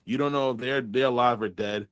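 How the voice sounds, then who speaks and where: A man's voice: mid-range voice, steady tone, a little fast, a bit bright, clear, resonant tone, no room sound. A man reviewing a movie in casual chat, rambling and swearing as he retells scenes. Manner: rambling, profane, acts out characters' lines.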